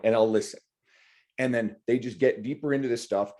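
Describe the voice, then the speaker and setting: A man's voice: mid-range voice, brisk. Blunt, swearing male podcast host. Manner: blunt, animated, swears freely. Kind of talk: casual podcast chat.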